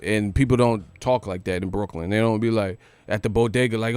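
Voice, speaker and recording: A man's voice: lowish voice, fairly even intonation, brisk, few pauses, darkish tone, clear, resonant tone, no echo. A man hosting a live boxing commentary stream, talking loosely with profane street slang and lots of repeats. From United States.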